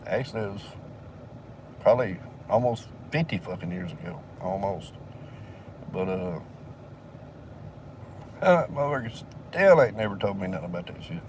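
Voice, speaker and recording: A man's voice: fairly low pitch, expressive, moderate pace, long pauses, far from the mic. An older man spins a long, cussing yarn in a loose, drawling way, chuckling as he goes. He sits a little back from the mic, with a faint hum of a vehicle behind him. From southern United States. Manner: profane, rambling, drawling, laughs between lines. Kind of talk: casual storytelling.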